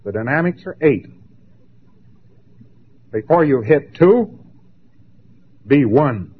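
A man's voice: mid-range voice, animated, slightly rough. Emphatic man lecturing on tinny tape. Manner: emphatic, dramatic pauses, mocking asides. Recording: tinny lo-fi old recording.

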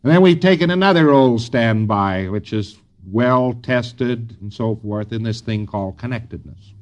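A man giving an informal lecture to trainees, rambling and folksy, often pausing on fillers. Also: mid-range voice, muffled recording.

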